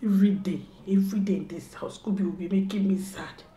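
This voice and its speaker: A woman's voice: medium pitch, steady tone, fairly quick, mellow, roomy sound. A young woman, speaking to her son at home in a scolding, repetitive way as part of a prank. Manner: scolding and repetitive, mock-stern. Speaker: mother and vlogger. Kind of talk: casual family prank talk.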